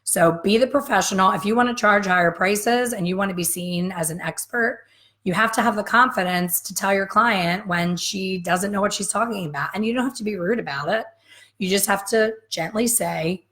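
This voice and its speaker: A woman's voice: mid-range voice, moderate pace, fairly bright tone. A woman in her fifties, a hair color educator giving a frank, emphatic live coffee-chat lesson straight to her viewers.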